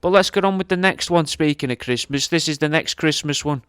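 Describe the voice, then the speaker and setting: Smooth, dry-voiced podcast host. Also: male voice, fairly high pitch, fairly quick, fairly bright tone, dry recording. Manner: laid-back, plugging his own offers between clips. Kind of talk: casual podcast chat.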